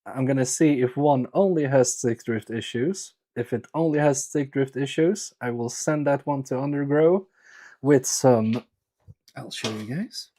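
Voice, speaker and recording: His voice is warm, medium-pitched, and unhurried as he chats casually on a live electronics repair stream. Working away, he mutters, jokes, and pokes fun at himself.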